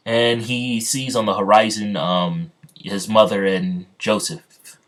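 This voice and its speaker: A man improvising a fan story as narrator, halting often with ums and restarts. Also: lowish voice, level tone, a bit bright.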